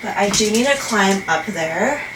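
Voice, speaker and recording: A woman's voice: medium pitch, lively intonation, unhurried, far from the mic. A woman chatting casually while tending her houseplants, exclaiming and teasing herself as she works. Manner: chatty, self-deprecating, exclaims often. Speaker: plant vlogger. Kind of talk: casual chat while doing chores. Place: indoor room with plants. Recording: echoey room with clear noise.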